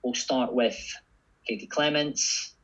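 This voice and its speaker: A man hosting a horse racing tips show with a husky voice, briskly reading odds and handing over to panelists. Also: mid-range voice, a bit bright. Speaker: host. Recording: dull lo-fi audio.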